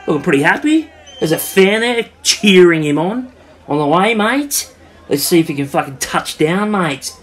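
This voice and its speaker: A man's voice: fairly high pitch, slight background noise, rough recording. A man with an Australian accent doing laid-back parody sports commentary, swearing and saying mate constantly.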